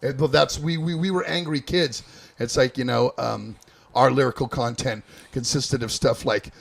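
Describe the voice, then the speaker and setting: A man hosting an interview, talking in a halting way and repeating words while he searches for them. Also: mid-range voice, steady tone, vocal fry. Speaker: host. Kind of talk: casual interview.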